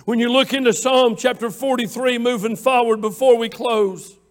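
A man preaching a sermon with passion, repeating phrases in cadence and swinging between hushed pleas and shouts, in a church room. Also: very high-pitched, steady tone, normal speed. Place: church room with online viewers.

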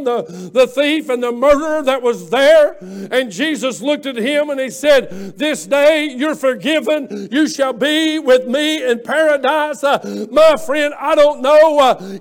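A preacher man with an unusually high voice delivers a fervent sermon. He builds to shouts at the peaks and keeps the rhythm going with many drawn-out "uh" fillers.

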